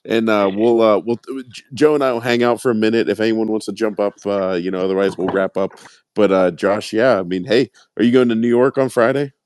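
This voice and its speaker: A man with a Pittsburgh accent hosting a podcast, talking in a rambling, halting way with many fillers. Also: fairly low pitch, steady tone, darkish tone, clear, resonant tone, no echo. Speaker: podcast host. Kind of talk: casual podcast chat.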